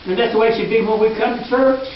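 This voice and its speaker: A male pastor preaching a sermon in a church, earnest and emphatic, dropping into quiet asides. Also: very high voice, quick pace, a little hiss or hum. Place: church sanctuary. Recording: echoey hall, distant mic, dull lo-fi.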